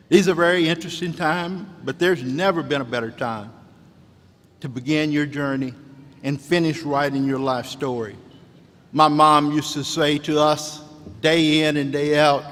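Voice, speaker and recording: A man's voice: on the high side, fairly even intonation, moderate pace, fairly bright tone. Rousing man in a big hall. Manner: rousing, preacher-like cadence with repeated calls. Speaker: commencement speaker. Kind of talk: inspirational commencement speech. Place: large hall. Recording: long hall reverb.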